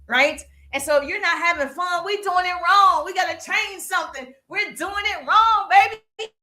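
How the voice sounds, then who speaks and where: A woman from the American South with a Southern accent, a business coach giving an energetic motivational talk on a live stream, repeating phrases and speaking straight to her viewers. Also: sits high.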